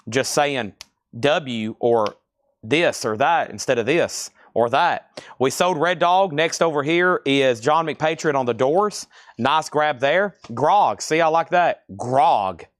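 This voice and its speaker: A man with a Southern drawl runs a live vinyl sale, calling prices and buyers' names in quick, joking patter. His voice sits in an ordinary middle register and sounds close and dry, with no room echo. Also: medium pitch. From Tennessee, US. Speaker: live-stream record seller. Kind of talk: live sales auction chat.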